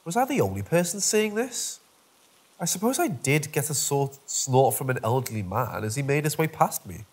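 A man's voice: mid-range voice, big pitch swings, normal speed, breathy edge. A man narrating a first-person horror story from a script, in a dry, wry storytelling manner.

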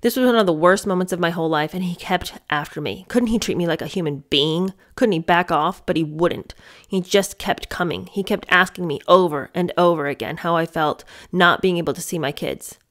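A woman reading aloud a memoir passage in the voice of a grieving young woman, lower and quieter than her own talk. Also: brisk, natural voice. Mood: subdued. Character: grieving young woman recalling a painful memory.

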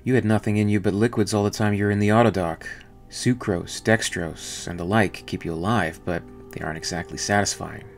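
A man with a low voice voicing a steady, practical male ship captain in a read-aloud story. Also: a little fast, vocal fry, soft background music. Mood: matter-of-fact.

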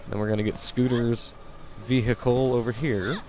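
A man's voice: medium pitch, steady tone, brisk, noisy background. A young man streaming a video game, chatting casually and poking fun at himself. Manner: chatty, self-deprecating. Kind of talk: casual let's-play commentary.

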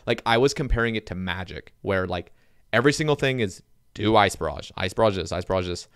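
A man hosting a casual gaming podcast, talking in a relaxed, rambling way. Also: deep voice, fairly quick, clear, resonant tone, no echo, clean studio sound. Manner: relaxed, rambling with many "like" fillers. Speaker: podcast host.

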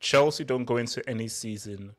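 A man's voice: medium pitch, fairly quick, crowd noise. Passionate man interrupting in a debate. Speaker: Chelsea fan pundit. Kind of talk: casual debate chat.

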